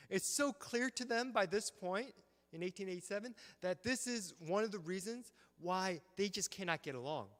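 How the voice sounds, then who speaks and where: A man delivers a lively history lecture at a symposium, acting out quotes and checking in with the audience often. His voice sits high, and the church hall venue adds a long reverb.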